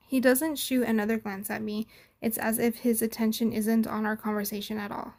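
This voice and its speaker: A woman reading a game story aloud, steady with small stumbles, narrating and playing the detective. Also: a little high, fairly quick. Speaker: story reader.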